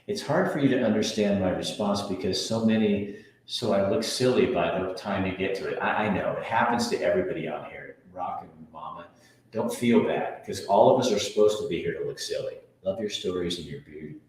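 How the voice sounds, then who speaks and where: Deep-voiced joking man, echoey room. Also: a little mellow. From Montana. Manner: joking, rambling, self-mocking. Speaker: livestream host reading viewer comments. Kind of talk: casual live chat.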